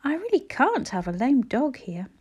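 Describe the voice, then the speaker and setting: A woman voicing a kind, practical mother in a storybook reading, brisk and caring. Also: high voice, very animated, a little mellow, husky, pitched above the performer's own voice, exaggerated voice.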